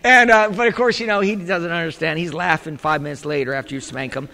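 A man preaching a sermon as a pastor, telling a rambling story with laughs, asides and sudden shouted exclamations. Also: on the high side, quick pace, creaky. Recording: long reverb in a large hall.

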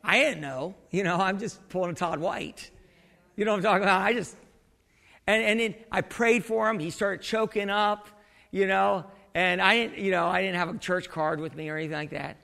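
A male pastor delivers a chatty, rambling sermon, often breaking off to quiz his congregation. His voice sits high and has a gravelly edge. It carries a long reverb from the church hall around him. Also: fairly even intonation, normal speed, sharp tone. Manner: conversational preaching with many restarts and questions to the congregation. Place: church sanctuary.

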